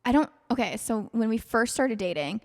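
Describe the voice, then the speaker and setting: A woman's voice: fairly high pitch, animated, normal speed. A woman hosting a podcast, chatting casually and playfully and leaning on "like" a lot. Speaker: podcast host. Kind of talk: casual chat. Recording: long room reverb.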